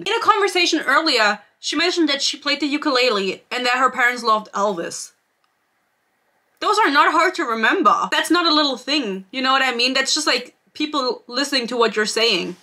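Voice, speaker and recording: A woman's voice: sits high, lively intonation, normal speed, pushed and bright. A woman giving a casual, sarcastic book review rant, swearing freely and laughing often.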